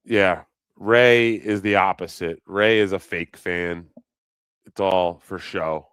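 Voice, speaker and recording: Deep, slow-talking livestream host. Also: male voice, a bit bright, clean tone, dry recording. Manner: rambling, profane, joking. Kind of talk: casual livestream chat.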